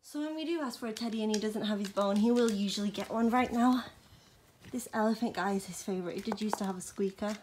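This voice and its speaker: A woman's voice: mid-range voice, quick pace, background noise. A young woman vlogger chatting playfully with her dog, slipping into baby talk and laughing often. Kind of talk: casual chat with her pet.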